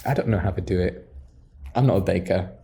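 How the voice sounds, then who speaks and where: A man co-hosting a student podcast in casual chat, relaxed and quick to laugh, with hesitant fillers when he explains research. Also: low voice, creaky, breathy edge. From half French. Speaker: podcast co-host.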